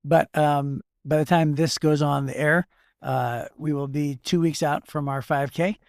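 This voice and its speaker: A man's voice: a little high, fairly even intonation, measured pace, darkish tone, no room sound, studio quality. A man co-hosting a faith podcast as a pastor, speaking emphatically and repeating words for stress. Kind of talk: casual faith discussion.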